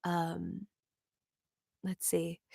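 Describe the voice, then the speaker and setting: A woman's voice: lowish voice, completely flat delivery, very slow, gravelly, mellow, dry recording, clean studio sound. A voice actress with a New Jersey accent chatting casually with viewers on her livestream, bubbly and full of laughs and "like"s. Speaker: voice actor hosting a signing stream.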